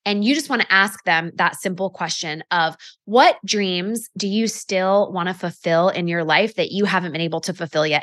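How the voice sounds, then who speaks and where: A woman's voice: medium pitch, a bit bright, dry recording, studio quality. A woman hosting a podcast, coaching listeners in a chatty, upbeat way with many casual fillers. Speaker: podcast host and network marketing coach. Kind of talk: solo podcast teaching.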